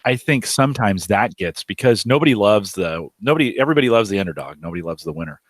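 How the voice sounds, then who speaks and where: A man co-hosting a podcast, talking in an animated, wry way and restarting his sentences. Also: on the low side, quick pace, no room sound, clean studio sound. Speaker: podcast co-host. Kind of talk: casual podcast chat.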